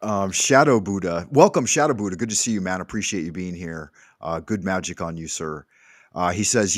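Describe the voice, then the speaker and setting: A man's voice: low-pitched, normal speed, no echo. A man hosting a livestream from home, chatting in a loose, rambling way and swearing casually. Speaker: livestream host. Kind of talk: casual chat.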